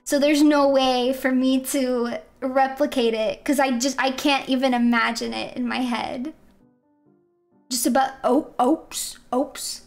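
A woman's voice: high voice, fairly even intonation, measured pace, creaky, hardly any pauses, soft background music. A young woman streamer giving casual, rambling gameplay commentary, often breaking into giggles.

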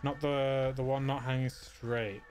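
A man's voice: medium pitch, level tone, unhurried, a little mellow, slight background noise. A man giving casual, wry commentary while playing a video game, muttering dry asides to himself. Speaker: let's play gamer.

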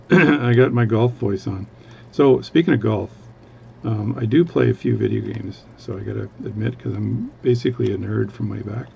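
A man's voice: lowish voice, gravelly, mellow, muffled recording, slight background noise. A man from Canada, a watchmaker, chatting casually at his workbench in a rambling, self-interrupting way. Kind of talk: casual chat.

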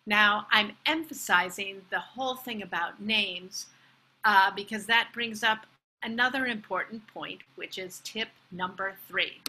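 Bright-voiced, slow American woman coach. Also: medium pitch, rough recording. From United States. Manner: slow, clear, demonstrates pronunciations. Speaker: English pronunciation coach. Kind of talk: presentation talk at a virtual fair.

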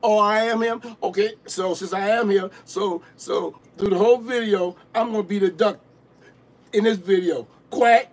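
Loud, stammering uncle type, husky high voice, comic bickering. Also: male voice, moderate pace. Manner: loud, repeats himself, stammers. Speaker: uncle in a comedy skit.

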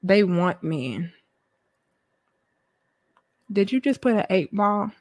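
Woman livestreamer, melodramatic pleading with chat, shouts then mutters, slow-paced. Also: animated, dry recording. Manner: dramatic, theatrical despair, swings from shouting to low mutters. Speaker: livestream host. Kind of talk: live-stream commentary reacting to chat.

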